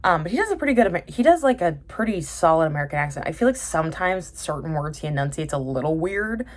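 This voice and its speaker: A woman's voice: deep voice, sing-song, fast talker. A young woman vlogging casually about dramas she has watched, chatty and tangent-prone, with lots of fillers and self-corrections. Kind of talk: casual rambling chat.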